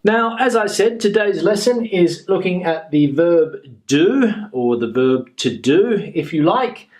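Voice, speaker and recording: A man teaching a grammar lesson, explaining slowly and patiently and repeating each example sentence. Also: high voice, expressive, darkish tone. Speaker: English teacher.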